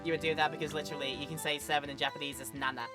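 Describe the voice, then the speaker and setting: A woman's voice: low-pitched, little pitch movement, very fast, over music. A woman streamer reading game dialogue aloud and chatting casually, with stammers and asides.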